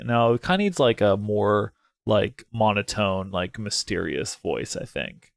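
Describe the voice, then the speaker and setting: A young man casually narrating his way through a story game, thinking out loud, excitable and prone to swearing. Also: lowish voice, moderate pace, creaky, no room sound. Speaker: game let's player. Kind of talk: casual gameplay commentary.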